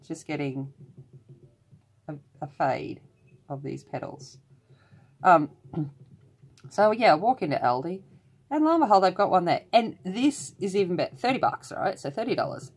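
A woman's voice: deep voice, animated, measured pace, long pauses, slightly rough. A woman chatting in a rambling way while she colours along in a vlog. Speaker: colouring channel host.

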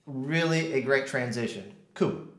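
A man's voice: mid-range voice, unhurried, roomy sound, heavy background noise. A man teaching drums in a casual way, counting out stickings and humming rhythms. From United States. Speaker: drum teacher. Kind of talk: casual instructional talk.

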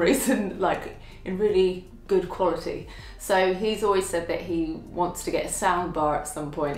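A chatty woman showing off her home bargains in a relaxed, self-deprecating way, laughing easily. Her voice sits a little low, and the room around her rings with echo. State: out of breath from lifting. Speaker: vlogger showing a home haul. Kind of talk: casual chat to camera. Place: at home, indoors.

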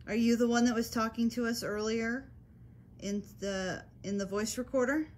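Lady ghost hunter, kinda high voice, coaxing the spirits with question after question. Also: normal speed, slight background noise. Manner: calm, coaxing, persistent questions. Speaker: paranormal investigator.

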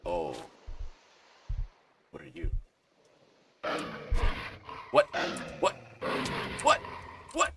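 A gaming video creator does let's play commentary, narrating his own gameplay in an extremely slow voice with many pauses. He sounds exasperated, mutters to himself and lets out sudden panicked yelps. The mic is distant and background noise is loud.

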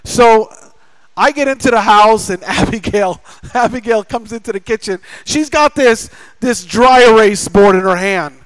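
A man's voice: sits high, a little slow, fairly bright tone, clear, resonant tone, no room sound, low-quality recording. A middle-aged man preaching a sermon as pastor, telling a family story with acted-out dialogue and joking with the congregation. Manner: jokey, chatty with the congregation. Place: church sanctuary.

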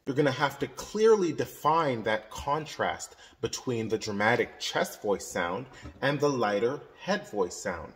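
A man's voice: mid-range voice, very animated, a little slow, a bit bright. A man teaching a singing lesson as a voice coach, explaining exercises and demonstrating vowels. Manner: instructive, demonstrating sung vowels and yodels.

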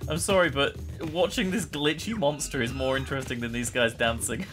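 Young guy doing a chatty lets play, gets loud and excited, middle pitched voice, quiet game music underneath. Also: a little fast, few pauses. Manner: chatty, excitable, often laughing and yelling at the game. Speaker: gameplay commentator. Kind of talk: casual let's-play commentary.

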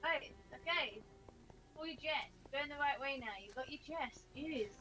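A woman's voice: high voice, moderate pace. A woman co-hosting a gameplay video with her husband, giggly and self-deprecating. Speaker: co-host, player. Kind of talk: casual co-op gameplay chat. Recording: loud game music in the background.

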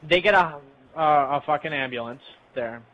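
A man's voice: on the high side, normal speed, sharp tone, low-quality recording. A young man casually telling a rambling, profane story while playing a game with friends. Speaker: channel host.

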